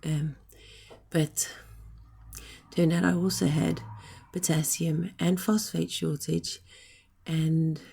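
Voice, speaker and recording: Hoarse breathless woman, very gravelly. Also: low voice, level tone, takes it slowly, mellow. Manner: rambling, apologetic, frequent ums. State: hoarse and short of breath, coughing. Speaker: vlogger recovering from illness. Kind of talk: casual chat to camera.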